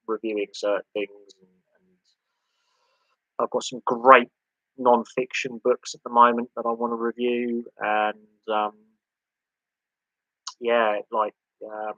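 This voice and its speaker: A man's voice: medium pitch, sharp tone, dry recording. A man in his thirties hosting a casual sports live stream, rambling with fillers and restarts on a dull lo-fi mic. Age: 30s. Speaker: sports channel host.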